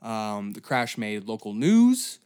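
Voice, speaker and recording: A man's voice: lowish voice, big pitch swings, takes it slowly, darkish tone, clean tone. A man hosting a comedy podcast, telling a story in a profane, rambling, sarcastic way. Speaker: podcast host.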